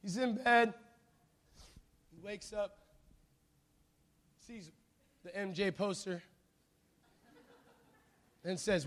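Male preacher with a high voice, animated and jokey, uses call-and-response. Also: a little slow, long pauses. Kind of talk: sermon with storytelling.

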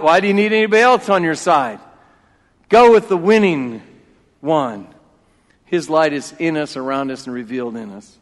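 A pastor with a slightly high male voice delivers an emphatic sermon in a church sanctuary, repeating key phrases and swinging between loud and hushed. The recording carries the long reverb of a church hall.

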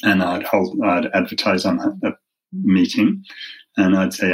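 A man's voice: low-pitched, normal speed, slightly rough, poor audio. A middle-aged man with a British accent, a lawyer telling stories in a conversational interview, wry and self-deprecating. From half American, half British. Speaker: human rights lawyer.

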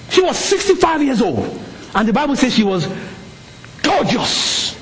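A middle-aged man, not a native English speaker, preaching a sermon with animated storytelling that rises to shouts. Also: extremely high pitch, a little slow, pauses often, a little hiss or hum. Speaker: pastor.

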